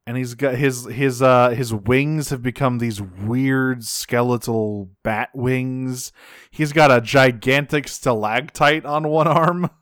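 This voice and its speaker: Clear-voiced man chatting casually. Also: mid-range voice, takes it slowly, dry recording, clean studio sound. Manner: casual, profane, excitable. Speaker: podcast co-host. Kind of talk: casual chat.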